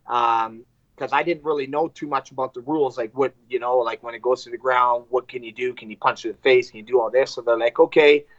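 A man, a fighter, telling a fight story in casual chat, animated and profane, acting out what people said. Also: mid-range voice, no room sound, highs cut off. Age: adult with wife and two kids. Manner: animated, profane, acts out quotes.

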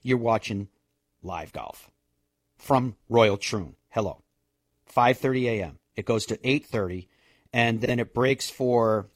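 A man's voice: fairly low pitch, dry recording, clean studio sound. A man hosting a golf radio show, chatty and jokey as he rattles off the week's broadcast schedule. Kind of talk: casual radio recap.

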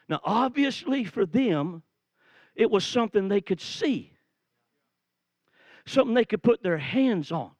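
High-voiced animated male preacher. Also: measured pace, pauses often, dry recording. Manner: animated storytelling, acts out quotes, rises to shouts. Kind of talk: sermon.

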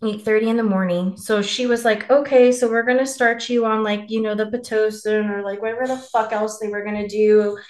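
A woman's voice: medium pitch, fairly even intonation, brisk, hardly any pauses, roomy sound. Frank, swearing woman telling a story. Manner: candid and profane, laughing as she tells it. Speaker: podcast co-host. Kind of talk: casual storytelling chat.

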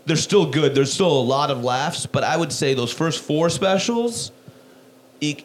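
A man's voice: on the high side, animated, measured pace. Laid-back man telling comedy club stories. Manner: laid-back storytelling, swears casually. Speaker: podcast co-host, comedian. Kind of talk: casual podcast chat.

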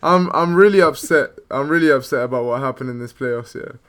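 A man co-hosting a podcast in casual sports chat, teasing, laughing loudly and often calling people bro. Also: medium pitch, brisk. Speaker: podcast co-host.

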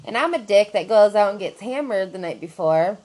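A woman on a podcast telling a story about herself in casual chat, animated and self-mocking, swearing freely. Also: medium pitch, brisk.

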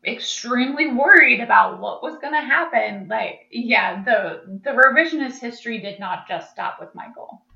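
A woman's voice: on the high side, expressive, normal speed, vocal fry, few pauses, bright, forceful tone. A woman co-hosting a casual podcast, chatty and laughing often as she recaps. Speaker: podcast co-host. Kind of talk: casual chat. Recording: echoey, dull lo-fi sound.

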